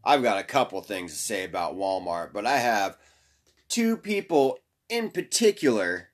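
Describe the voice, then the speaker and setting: A man hosting a podcast, chatting casually in a rambling way with cursing and frequent restarts. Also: medium pitch. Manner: rambling, cursing, self-interrupting. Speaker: podcast host. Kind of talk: casual chat.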